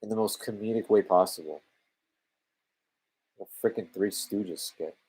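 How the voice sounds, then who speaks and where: A man's voice: on the low side, a little slow, darkish tone, breathy edge. A man with a Canadian accent giving exasperated, sarcastic live commentary over a film, swearing freely. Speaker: movie commentary live-streamer.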